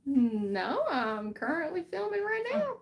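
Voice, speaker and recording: A woman's voice: high voice, big pitch swings, slow pace, gravelly, a little hiss or hum. Easygoing Southern woman hosting a craft stream. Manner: easygoing, explains steps while working. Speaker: craft livestream host. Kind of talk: casual crafting livestream chat.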